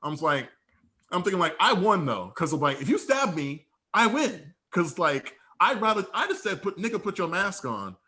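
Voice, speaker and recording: A young man co-hosts a podcast in loose, slangy, profane chat. He acts out the dialogue in his stories with a lively, swooping delivery. His voice sits a bit high and sounds bright. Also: normal speed. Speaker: podcast co-host. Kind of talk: casual storytelling chat.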